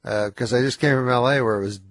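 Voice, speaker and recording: A man's voice: medium pitch, fast, no room sound. A congested man with a nasal, slurring voice, mumbling through a radio studio interview as a comedian guest. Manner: mumbling, self-deprecating, laughs often. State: congested and slurring from cold medicine. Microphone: studio microphone.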